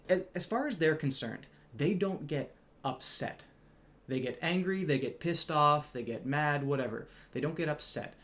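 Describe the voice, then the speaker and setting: A man casually telling a story from his retail job, wry and conversational, a little smug, swearing now and then. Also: medium pitch.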